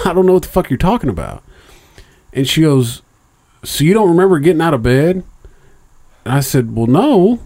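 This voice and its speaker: Profane, rambling middle-aged man telling a story. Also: medium pitch. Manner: profane, rambling, animated when quoting others. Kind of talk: casual storytelling chat.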